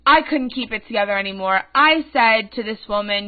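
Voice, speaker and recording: A woman's voice: fairly high pitch, a little fast, hardly any pauses. A twenty-one-year-old woman hosting a podcast, telling a story in an indignant and emphatic way, heard through a tinny phone-like sound. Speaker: podcast host. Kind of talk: casual ranting storytelling.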